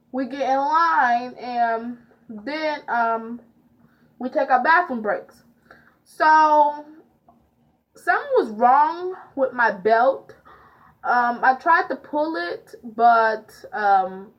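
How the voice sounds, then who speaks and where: A teenage girl telling a storytime vlog, chatty and full of fillers as she retells it. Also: fairly high pitch. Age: teens. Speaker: vlogger. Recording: dull lo-fi audio.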